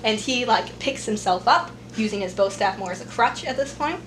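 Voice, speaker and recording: A woman narrating as game master of a tabletop game, describing scenes quickly with fillers. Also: mid-range voice, lively intonation, fairly bright tone, slight background noise.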